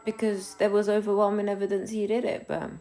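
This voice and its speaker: A woman with a medium-pitched, dark voice hosts a casual phone livestream, speaking fairly quickly with little pitch movement. She chats loosely, reading comments and thanking viewers as they arrive.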